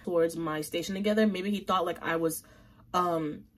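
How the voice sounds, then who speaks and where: A young woman vlogger telling a story in a casual, animated way and talking straight to her viewers. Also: lowish voice, normal speed.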